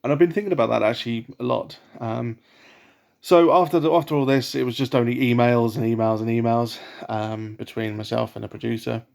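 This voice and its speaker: A man telling a personal story in a casual vlog, rambling with many fillers and restarts in a soft, self-conscious way. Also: mid-range voice, steady tone, a little fast, gravelly. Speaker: vlogger.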